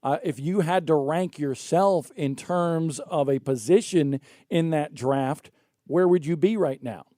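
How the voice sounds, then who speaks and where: A man hosting a morning radio show, interviewing a young racer with animated, teasing questions. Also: fairly high pitch, a little slow, no room sound, studio quality.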